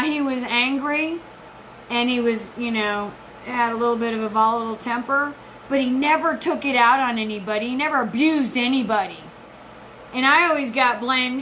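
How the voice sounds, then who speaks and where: A woman's voice: on the high side, normal speed, sharp tone, slight background noise, poor audio. A woman in her forties giving an intense, rambling, profane personal monologue. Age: 40s. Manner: intense, rambling, profane, jumps between topics.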